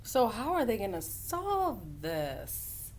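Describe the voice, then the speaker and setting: A woman teacher who breaks into a story to ask children questions, exclaiming in an animated way. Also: medium pitch, takes it slowly. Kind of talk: asking children questions during a read-aloud.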